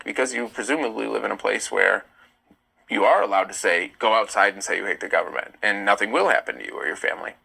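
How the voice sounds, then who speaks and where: A young US man hosting a casual live stream reads out comments and answers them animatedly, ready to argue. The voice is mid-range, gravelly and husky, heard through a rough recording.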